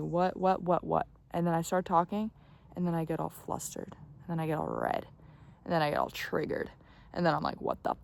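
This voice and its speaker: A woman's voice: lowish voice, gravelly, a little mellow. A young woman giving casual, emphatic self-help advice, swearing freely, dropping at times to a whisper and often checking in with "okay?". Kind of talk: casual motivational talk to camera.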